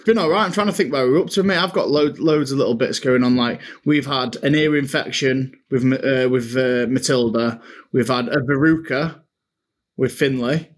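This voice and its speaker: A man's voice: medium pitch, normal speed. A man, co-hosting a casual podcast chat and telling stories with laughs, calling his co-host mate. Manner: chatty, laughing storyteller, says "mate" a lot.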